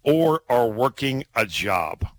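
A man hosting a casual sports talk show, excitable and laughing, with many restarts. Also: medium pitch, takes it slowly, dry recording, rough recording.

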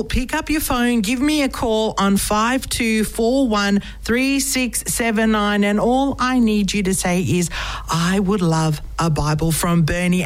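A woman's voice: fairly high pitch, rough recording. A woman radio host interviewing a guest, affirming her answers and reading out call-in details.

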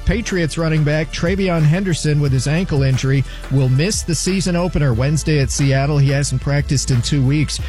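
A man reading a scripted sports news update in a brisk, newsy way. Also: fairly high pitch, darkish tone, faint music behind.

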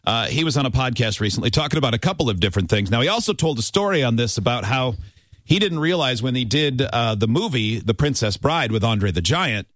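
A man's voice: mid-range voice, expressive, a little fast, a bit bright, dry recording. A man hosting a radio show, chatting conversationally through a news segment. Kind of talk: morning radio show chat.

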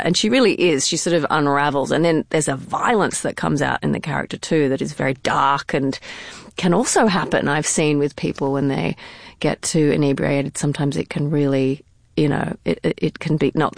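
A middle-aged woman actor in a conversational interview, talking in an animated way, laughing often and restarting her phrases. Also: low voice, vocal fry, no room sound, clean studio sound. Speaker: stage and film actor, interview guest.

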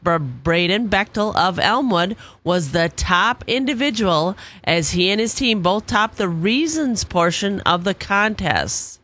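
A woman reading a farm news report on radio in a steady, matter-of-fact way. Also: medium pitch, a little slow, few pauses.

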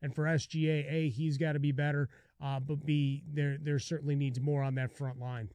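A man co-hosting a sports radio show, talking quickly with restarts and joking with his partner. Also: fairly high pitch, little pitch movement, a little mellow, clear, resonant tone, no room sound.

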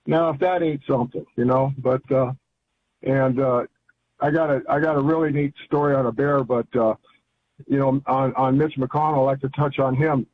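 A man's voice: medium pitch, steady tone, moderate pace, a little hiss or hum. Older male caller on a tinny phone line. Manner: rambling, folksy and enthusiastic. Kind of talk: casual call-in chat.

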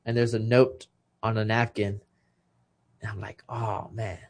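A man's voice: on the low side, level tone, measured pace, a little mellow. A man in his thirties, a retired boxer from Texas, tells a personal story on a podcast with heartfelt emotion, often repeating words as he starts a thought. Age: 30s. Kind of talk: casual conversation.

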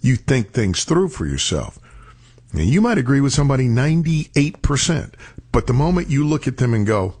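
A man giving a reflective motivational talk, telling stories and slowing down on key words for emphasis. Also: medium pitch, very animated, a little mellow, husky. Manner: storytelling, acts out quoted voices, slows for emphasis.

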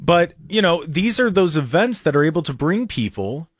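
A man with a fairly high voice that swings up and down as he talks. He is sarcastic and animated in casual chat, and his sound is close and dry. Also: normal speed, breathy edge, no room sound.

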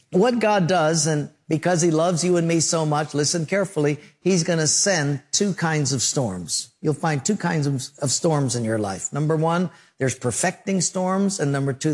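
A man's voice: fairly high pitch, a little mellow. A male pastor preaching a sermon, telling stories and acting out scenes and sound effects.

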